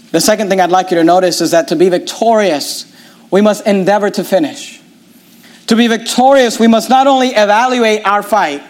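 High-voiced emphatic preaching man. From United States. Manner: emphatic preaching, swinging from loud high peaks to low quiet drops. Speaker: pastor. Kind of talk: sermon.

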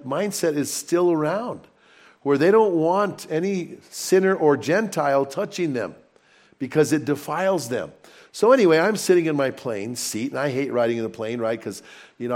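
A man preaching a sermon in a conversational, storytelling way with animated asides. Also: mid-range voice. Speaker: pastor.

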